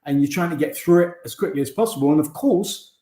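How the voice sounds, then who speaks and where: A former racing driver from England joins a video call as a guest for a casual interview chat, often restarting his sentences. His voice is fairly high, fast and mellow, with a reverberant sound.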